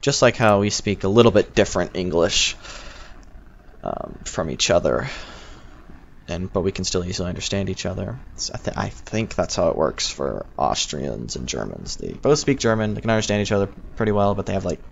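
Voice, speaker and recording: Gravelly young American man streaming. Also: sits low, big pitch swings, normal speed, a bit bright. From United States. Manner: rambling, chatty, answers chat. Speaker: livestreaming gamer. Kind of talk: casual livestream chat. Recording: dull lo-fi stream audio with faint noise.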